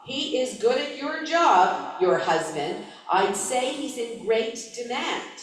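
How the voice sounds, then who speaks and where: A man's voice: very high-pitched, very animated, slow pace, a bit bright, pitched above the performer's own voice, exaggerated voice. Woman reading as a blunt threatening man. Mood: aggressive. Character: aggressive Irish man, cuckolded husband. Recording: very echoey room, voice from far off.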